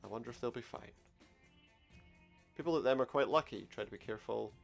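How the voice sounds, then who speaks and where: A man's voice: medium pitch, a little fast, vocal fry, soft background music. A man playing through an adventure game, commenting wryly and reading the dialogue aloud. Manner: wry, sarcastic asides. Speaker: let's play gamer.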